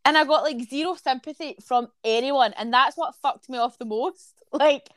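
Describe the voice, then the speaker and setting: Woman, dramatic sweary storytelling, highish voice, dry sound. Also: normal speed, fairly bright tone, no echo. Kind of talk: casual chat.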